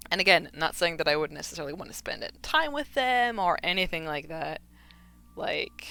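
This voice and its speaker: A woman's voice: lowish voice, lively intonation, normal speed, creaky, sharp tone, smooth. A woman with a Midwestern American accent chatting casually on a live stream while she crafts, rambling and filling with "like" and "you know.".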